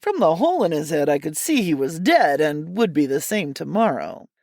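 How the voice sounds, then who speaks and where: A woman narrating a hardboiled comic mystery story in a wry, deadpan, theatrical way. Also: low-pitched, normal speed, dry recording, clean studio sound.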